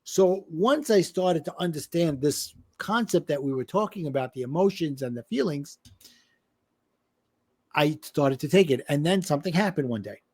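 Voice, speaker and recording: Animated middle-aged man telling a story. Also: a little high, moderate pace, husky. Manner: animated, acts out quoted voices. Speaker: guest, life and business coach. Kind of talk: storytelling in a podcast interview.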